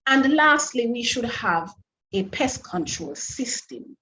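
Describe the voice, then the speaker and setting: A woman's voice: fairly high pitch, sing-song, bright, forceful tone, a little hiss or hum, low-quality recording. A woman presenting an online food safety lecture, asking her audience many rhetorical questions and restarting phrases as she explains. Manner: careful, deliberate explaining with frequent restarts. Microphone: online webinar microphone.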